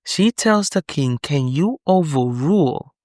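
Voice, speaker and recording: A man's voice: on the high side, animated, takes it slowly, darkish tone, no room sound, studio quality. A man giving an earnest, conversational Bible study talk, candid and often checking in with his listener. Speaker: Bible teacher.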